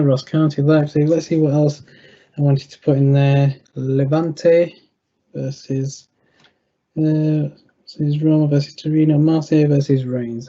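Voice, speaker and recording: Young guy on a video call, lots of uhs, mumbling through his screen, kinda husky, muffled audio. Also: fairly high pitch, mellow. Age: young adult. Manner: halting, many "uh" fillers and restarts. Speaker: guest analyst giving betting tips. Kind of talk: thinking aloud while clicking through a screen.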